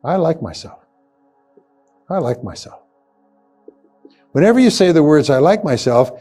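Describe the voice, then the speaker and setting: A man's voice: fairly high pitch, dark tone. An older man giving a motivational seminar talk to a live audience, speaking emphatically and repeating key phrases. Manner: emphatic, repetitive, rising to punchy exclamations.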